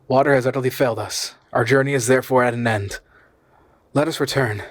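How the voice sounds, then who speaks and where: A man's voice: mid-range voice, fairly even intonation, brisk, no echo, clean studio sound, natural voice. A man voicing a desperate young nephew who speaks urgently and pleadingly.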